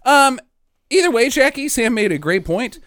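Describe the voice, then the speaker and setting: Animated, sarcastic man chatting. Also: very high voice, normal speed, no room sound, clean studio sound. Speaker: podcast host. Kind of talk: casual movie review chat.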